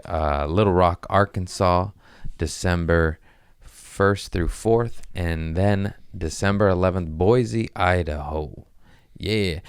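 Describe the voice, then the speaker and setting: A man's voice: deep voice, smooth, no room sound, studio quality. A man hosting his own podcast, rambling through a casual comedic monologue with self-mocking asides and playful voice shifts. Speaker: podcast host.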